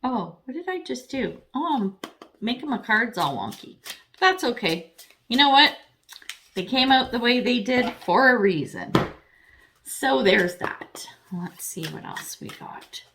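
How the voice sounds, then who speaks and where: A woman's voice: a little high, very animated, unhurried, pauses often, pushed and bright, a little hiss or hum. A woman reads tarot cards for her audience in a loose, conversational way. She speaks frankly, curses without hesitation, and addresses the listener directly with playful asides about herself. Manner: chatty and frank, swears freely; addresses viewers directly, self-deprecating asides. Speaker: tarot reader. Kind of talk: casual tarot reading to camera.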